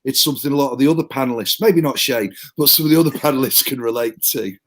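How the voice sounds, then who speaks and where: A man hosting a casual chat, chatty and quick to laugh. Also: mid-range voice, a bit bright, a little hiss or hum. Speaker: host. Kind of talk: casual video-call chat.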